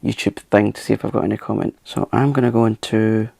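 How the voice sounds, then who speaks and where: A man hosting a makeup channel, talking softly through a tutorial in a chatty, self-mocking way and sometimes dropping into a whisper. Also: on the low side, fairly even intonation, fast, vocal fry, no room sound. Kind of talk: soft-spoken makeup tutorial.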